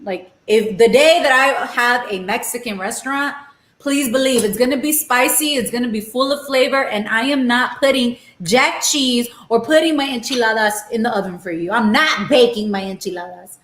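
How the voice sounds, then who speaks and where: A young woman from Los Angeles talks through a cooking stream with a fairly high voice. She is chatty and animated and drops Spanish phrases into her talk. The sound is roomy, as if from a home kitchen. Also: moderate pace. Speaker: cooking show host. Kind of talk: casual live-stream cooking chat.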